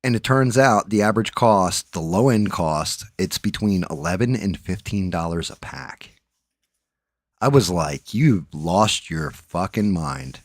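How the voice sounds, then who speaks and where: Profane, rambling middle-aged man with a low voice. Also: expressive, a little slow, no room sound, clean studio sound. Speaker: livestream host. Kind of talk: casual live-stream chat.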